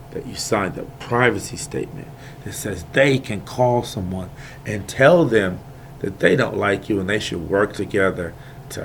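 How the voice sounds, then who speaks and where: A man in an impassioned, digressive monologue, repeating himself and swinging between quiet talk and loud outbursts. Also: on the low side, a little hiss or hum. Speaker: video maker airing grievances.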